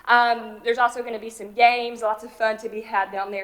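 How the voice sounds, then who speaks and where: A woman's voice: fairly high pitch, level tone, moderate pace, a bit bright, low-quality recording. A woman, an animal services director, giving a chatty, upbeat presentation full of fillers at a county commission meeting.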